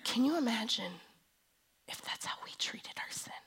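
A woman in her thirties preaching a sermon in a conversational way, moving from quiet confession to emphatic declaration. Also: fairly high pitch, expressive, moderate pace, gravelly, husky, in a whisper.

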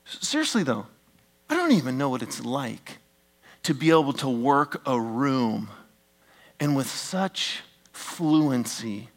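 A middle-aged male pastor preaching a sermon, animated and joking with the congregation, swinging from loud emphatic bursts down to hushed near-whispers. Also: mid-range voice, slow pace.

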